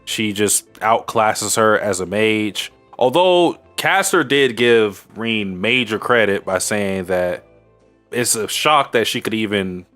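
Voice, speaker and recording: A man with a fairly low voice talks through an anime recap in loose podcast chat. He rambles, drops crude jokes and fills gaps with "uh" and "um", with faint music under him. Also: a bit bright. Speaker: podcast co-host.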